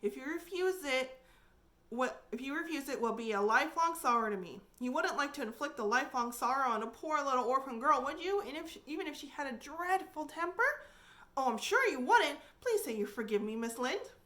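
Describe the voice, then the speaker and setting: A woman's voice: sits high, expressive, a little fast, pushed and bright, pitched above the performer's own voice. A woman voicing an eager, emotional orphan girl in a storybook reading, pleading earnestly.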